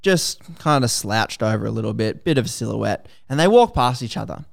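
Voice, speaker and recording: An Australian man hosting a podcast, retelling a story in a casual, lively, slangy way. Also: lowish voice, fairly quick, vocal fry. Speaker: podcast host.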